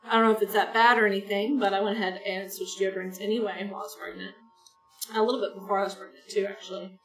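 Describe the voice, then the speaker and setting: A gaming streamer with a mid-range voice talks fast with little pitch movement, chatting in a rambling, casual way to her viewers while she plays. The sound is roomy, from a distant mic, with soft game music underneath.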